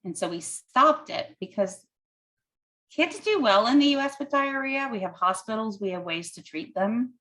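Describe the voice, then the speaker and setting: A woman's voice: on the high side, animated, moderate pace, fairly bright tone, poor audio. A woman physician answering audience questions, explaining step by step in plain words with everyday comparisons and an occasional "um" as she thinks aloud.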